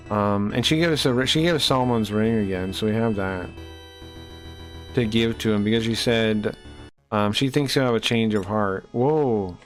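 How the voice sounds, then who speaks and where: A man streaming a game, chatting casually in a loose, rambling, profane way. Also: mid-range voice. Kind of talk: casual live-stream chat while playing.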